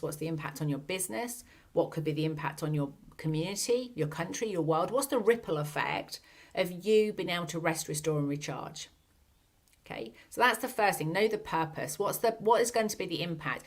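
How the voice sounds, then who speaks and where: A woman hosting a solo podcast who talks earnestly to listeners, posing many rhetorical questions. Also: fairly low pitch. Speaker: podcast host and coach. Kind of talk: reflective solo podcast talk.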